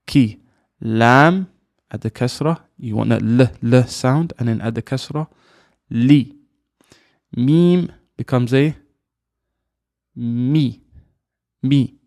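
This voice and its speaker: Slow gravelly man teaching pronunciation. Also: mid-range voice, darkish tone, no echo, clean studio sound. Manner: slow, deliberate, repeats sounds for the learner. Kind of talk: pronunciation lesson.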